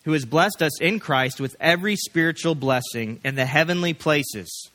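A pastor preaching a sermon in a folksy, rambling storytelling way, full of fillers and restarts. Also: male voice, on the high side, normal speed, a bit bright.

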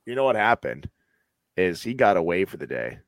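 A man's voice: deep voice, sing-song, normal speed, no echo. A man co-hosting a casual chat show, joking and acting out quoted bits. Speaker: podcast co-host.

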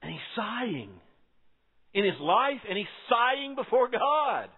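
A man's voice: very high-pitched, very animated, measured pace, slightly rough. A man preaching a sermon, emphatic, repeating key lines and asking rhetorical questions. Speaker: pastor. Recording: phone-like sound with long hall reverb.

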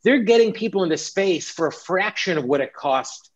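A man's voice: sits high, expressive, normal speed. Upbeat man on dull lo-fi audio. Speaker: panelist. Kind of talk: casual panel chat.

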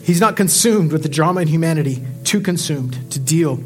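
Pastor preaching with fervent high delivery. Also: male voice, expressive, brisk, faint music behind. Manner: impassioned preaching, shifts to quiet storytelling. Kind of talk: sermon.

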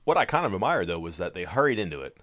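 A man's voice: low voice, very animated, racing, a bit bright. A man co-hosting a podcast, recapping a movie in easygoing casual chat with dry wisecracks. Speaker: podcast co-host.

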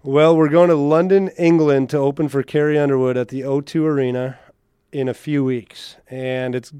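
A man's voice: mid-range voice, fairly even intonation, moderate pace, dark tone, clean tone, no room sound. A man from Canada, a country singer, chatting casually as an interview guest and telling stories. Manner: chatty storyteller, laughs easily.

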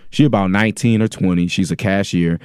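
A man in his forties with a low voice reads a listener's letter on a podcast, deadpan and joking. The sound is dry and close. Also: fairly quick, clear, resonant tone, no echo. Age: 40s. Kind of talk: casual podcast chat, reading a letter aloud.

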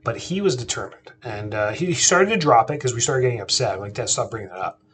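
A man's voice: mid-range voice, lively intonation, fast, a bit bright, husky. A man in his thirties, a podcast host, telling a personal family story in a casual chatty way, often restarting sentences and asking listeners rhetorical questions.

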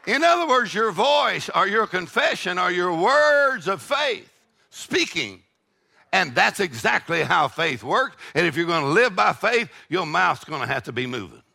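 A man, preaching a sermon with call-and-response, shouted peaks and laughing asides. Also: high-pitched, big pitch swings, a little slow, creaky. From Texas. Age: 60s. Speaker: pastor.

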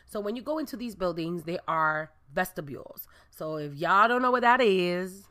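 A young adult woman from Brooklyn, New York, casually telling viewers a story and acting out the dialogue with lively voices. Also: fairly low pitch, normal speed. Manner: animated, acts out dialogue with voices. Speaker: storyteller vlogger.

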